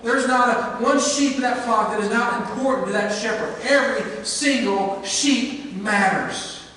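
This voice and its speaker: Earnest male preacher, high-pitched voice, distant mic in a reverberant church hall. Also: unhurried, slight background noise. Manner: earnest storytelling preacher, swinging between emphatic and hushed. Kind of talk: sermon. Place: church sanctuary.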